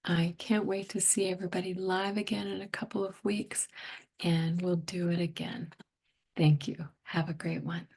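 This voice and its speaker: A middle-aged woman giving a tarot reading, hoarse and losing her voice, half whispering in a gentle, musing way. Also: on the low side, little pitch movement, normal speed. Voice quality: breathy, partly whispered. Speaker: tarot reader.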